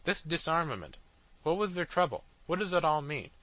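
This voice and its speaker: A man reading an audiobook and voicing a bewildered gentleman who asks urgent questions. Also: on the high side, big pitch swings, brisk, no echo, voice pushed up.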